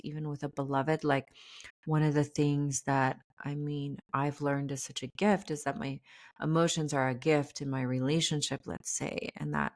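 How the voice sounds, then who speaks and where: A woman speaking as a podcast guest and spiritual coach, earnest and reflective as she talks openly about feelings. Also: sits low. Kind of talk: casual interview conversation.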